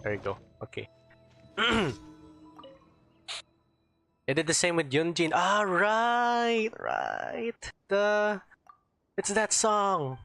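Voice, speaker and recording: A man's voice: high voice, huge pitch swings, very slow, vocal fry, long pauses, pushed and bright, faint music behind. A man streaming a game, chatting casually and rambling as he searches for words. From Philippines. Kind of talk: casual gameplay chat.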